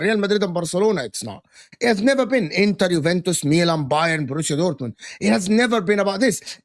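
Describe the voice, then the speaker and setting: A man on a football panel teases his co-hosts and lectures them with animated swings in his voice. He speaks high and very lively. The sound is dry and up close. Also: no echo. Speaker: podcast panelist. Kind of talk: heated football debate.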